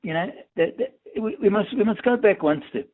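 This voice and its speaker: A man's voice: high-pitched, animated, moderate pace, slight background noise. Man on a tinny phone line. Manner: earnest, repeats words while thinking. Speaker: industry association chief executive. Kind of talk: radio phone interview.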